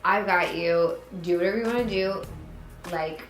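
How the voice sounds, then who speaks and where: A man's voice: high-pitched, moderate pace, a bit bright, echoey room, faint music behind, rough recording. A woman doing a doting hype-man boyfriend. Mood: hyping. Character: doting young boyfriend hyping his partner.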